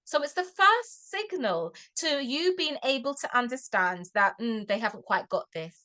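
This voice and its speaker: A woman tutor talks parents through tips in a chatty, practical way, with a slightly raised pitch. She keeps checking in with "all right" and slips into little acted lines of what a parent could say at home. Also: expressive, normal speed, bright, forceful tone. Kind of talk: advice talk to parents.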